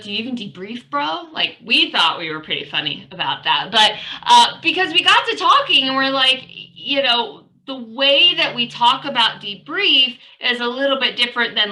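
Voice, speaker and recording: A woman's voice: mid-range voice, pushed and bright, low-quality recording. A woman educator giving a conversational webinar presentation, chatty and informal with light humor.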